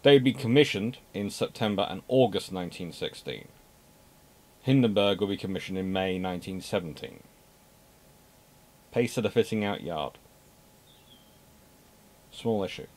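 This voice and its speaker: Low-voiced man giving an emphatic history talk. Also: animated, moderate pace, long pauses, darkish tone. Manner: emphatic, repeats words for stress, dry asides. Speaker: naval history presenter.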